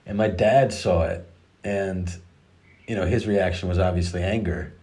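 A middle-aged man with a very low voice recounts a family story in an easy, rambling way. He restarts his sentences often and drops the occasional curse. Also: fairly even intonation, a little slow, a little mellow. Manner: rambling, with many restarts and swearing. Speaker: father telling a story. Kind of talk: casual personal storytelling.

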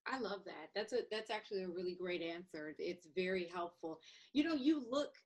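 A woman's voice: fairly low pitch, animated, normal speed, breathy edge. A woman hosting a podcast, asking questions in a sympathetic, chatty way. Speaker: podcast host. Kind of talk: casual podcast conversation.

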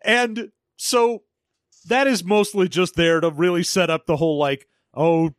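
A man's voice: sits high, fairly even intonation, unhurried, no room sound, studio quality. A man co-hosting a comedy podcast, recapping a movie in casual, joking chat with frequent swearing and laughter. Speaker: podcast co-host.

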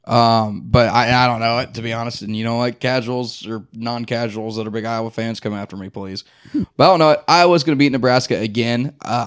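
A man's voice: medium pitch, dry recording, clean studio sound. A young man, co-hosting a casual football podcast and rambling with plenty of fillers and jokes. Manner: rambling, filler-heavy, joking. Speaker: podcast co-host. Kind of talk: casual sports chat.

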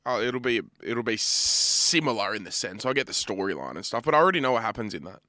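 A man's voice: lowish voice, expressive, quick pace, bright, forceful tone, no echo, clean studio sound. A young Australian man co-hosting a podcast, joking and swearing freely in casual banter. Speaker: podcast co-host. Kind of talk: casual chat.

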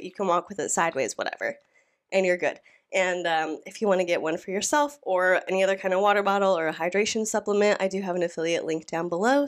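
A young woman hosting a reaction video, sounding out of breath from a sinus illness, rambling and teasing in casual chat. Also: mid-range voice. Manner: rambling, playful and mocking. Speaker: YouTube reaction host. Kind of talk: casual chatty commentary.

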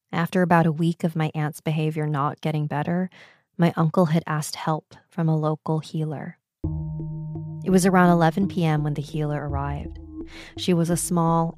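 A woman with a low voice tells a true ghost story as scripted narration. Her delivery is steady and measured, with clear music playing under her voice. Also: dry recording.

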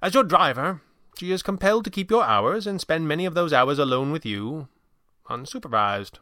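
A composed older butler with a polished, proper way of speaking and a voice pitched up a little, as a man puts him on for an audiobook. his tone is crisp and bright, recorded close and dry. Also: animated, no echo. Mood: earnest. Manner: measured, courteous, proper. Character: older male butler, calm and formal.

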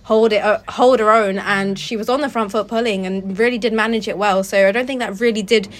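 A woman's voice: mid-range voice, fairly even intonation, a little fast. A woman co-hosting a cricket podcast, giving her views on play in a chatty, loosely phrased way. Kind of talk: casual sports discussion.

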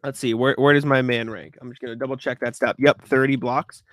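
A man with a mid-pitched voice co-hosting a sports podcast in loose, rambling chat. He stumbles over repeated words and keeps clearing his throat. The sound is close and dry, with no room echo. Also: steady tone, brisk, a bit bright.

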